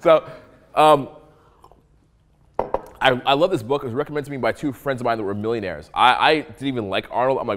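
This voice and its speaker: A man in the middle of his register delivers a live coaching talk to an audience. He is animated and profane, mixing jokes with challenges to his listeners. He often acts out the lines of the people in his stories. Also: medium pitch, fairly quick, pauses often, slight background noise. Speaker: dating coach speaking to an audience.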